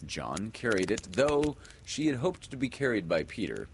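A man narrating a children's story aloud in an expressive, dramatic way. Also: lowish voice, normal speed, slight background noise. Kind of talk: audiobook storytelling.

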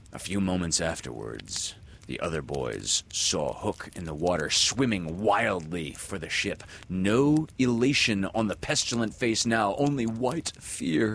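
A man reading a children's story aloud in a dramatic way, swinging from loud calls to soft whispers. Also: deep voice.

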